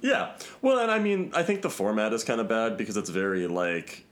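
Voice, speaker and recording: A man co-hosting a podcast in casual chat, animated and laughing often, jumping high in pitch when he quotes lines. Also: brisk. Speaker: podcast co-host.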